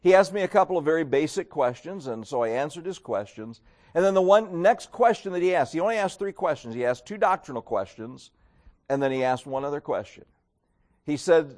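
A middle-aged man delivers a sermon in a folksy, storytelling way, acting out the lines of the people in his stories. His voice sits a little on the high side for a man. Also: animated, a little fast, darkish tone. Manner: folksy storytelling with acted quotes. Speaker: pastor.

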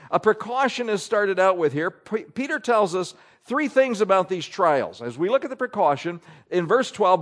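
A man preaching a sermon in church, his voice sitting a little high and swinging widely in pitch. He reads Scripture aloud and presses his points with emphatic rises and drops. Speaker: pastor.

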